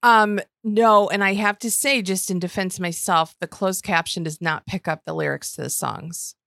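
Woman podcast cohost, bright voice, gushy and dramatic, dry sound. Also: fairly low pitch, moderate pace, vocal fry, no room sound. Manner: gushing, expressive, fond of dramatic exaggeration. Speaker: podcast co-host. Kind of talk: casual chat.

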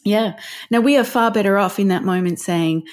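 A woman's voice: mid-range voice, normal speed. A middle-aged woman, a parenting counsellor, explaining emotional intelligence in an earnest, emphatic interview style. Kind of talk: conversational interview.

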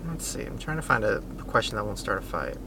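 A man's voice: fairly low pitch, very animated, fast talker, vocal fry, noisy background. A man co-hosting a casual podcast chat, talking in a dramatic, joking way. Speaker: guest co-host.

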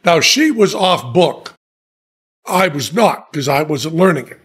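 A man spins a long, self-mocking anecdote in relaxed conversation. His voice sits high for a man and he takes his time, with dry, deadpan timing and his own laughter breaking in. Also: a little slow, husky. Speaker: podcast guest telling stories. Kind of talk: casual storytelling chat.

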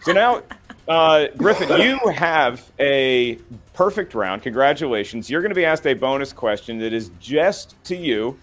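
A man's voice: mid-range voice, lively intonation, a little slow, a bit bright, soft background music. A man hosting a trivia game show, reading questions and counting down with playful, teasing banter.

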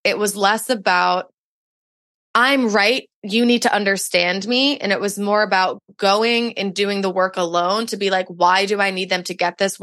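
A woman's voice: medium pitch, a bit bright, no room sound, studio quality. A young adult woman, a podcast guest, telling a personal story in casual chat and saying "like" often. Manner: chatty storytelling, heavy use of "like".

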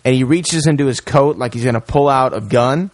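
A man leading a casual film podcast, retelling scenes with animated energy and frequent um and uh. His voice sits at a middle pitch. The sound is dry and close. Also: brisk, dry recording. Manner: animated retelling, many fillers. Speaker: podcast host. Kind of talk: casual film review chat.

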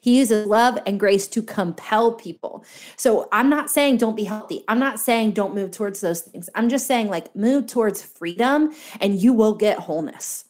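A woman's voice: medium pitch, moderate pace, darkish tone. A woman in her thirties, a guest author talking in a faith-based podcast conversation, earnest and emphatic, repeating key points. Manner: earnest, preachy, emphatic repetition.

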